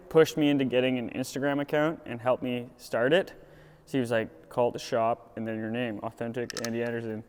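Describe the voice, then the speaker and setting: A young man, a pro skateboarder, telling stories in a casual, animated way, laughing a lot and acting out what people said. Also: on the high side, smooth. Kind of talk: casual storytelling. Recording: echoey room with loud background noise.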